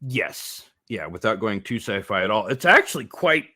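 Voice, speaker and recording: Lively male podcast co-host. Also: on the low side, moderate pace. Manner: animated, laughs often, retells movie scenes. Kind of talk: casual podcast chat.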